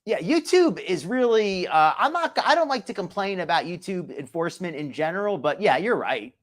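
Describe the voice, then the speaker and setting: A man's voice: high voice, big pitch swings, moderate pace. A man hosting a live stream, chatting casually, greeting viewers from the chat and adding sarcastic asides. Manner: chatty, reads chat names aloud, frequent restarts and sarcastic asides. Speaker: live stream commentary host.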